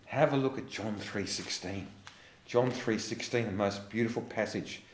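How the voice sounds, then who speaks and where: A man gives an earnest sermon in a fairly low voice. The sound carries a roomy echo. His talk settles into quiet prayer. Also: moderate pace, slight background noise. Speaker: pastor.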